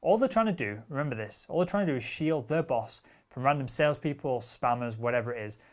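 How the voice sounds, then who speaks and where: A male sales trainer giving instruction at a medium pitch for a man. His delivery is direct and assertive, and his wording is casual and blunt, with the occasional curse word. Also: expressive, quick pace. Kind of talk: instructional talk.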